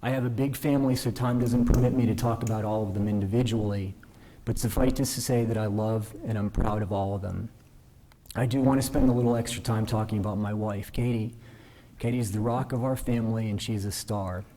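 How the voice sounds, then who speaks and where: A man giving a measured, earnest formal speech at a ceremony, modest and self-deprecating. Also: lowish voice, fairly even intonation, dark tone. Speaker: newly invested justice giving a speech. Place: ceremony hall.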